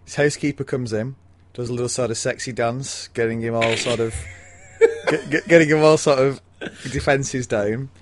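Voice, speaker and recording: A man's voice: medium pitch, fairly even intonation, normal speed, hardly any pauses, noisy background. A man co-hosting a casual book chat, rambling with bawdy, giggly storytelling. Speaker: podcast co-host. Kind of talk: casual chat about a mystery novel.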